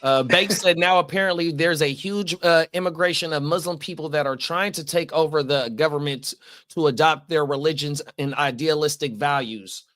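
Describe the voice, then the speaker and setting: A man with a slightly raised voice co-hosts a casual podcast. He talks in a relaxed, easygoing way, reading viewer comments aloud with plenty of filler words. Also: fairly high pitch, moderate pace. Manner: laid-back, reads out viewer comments, many fillers. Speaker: co-host. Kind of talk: casual chat.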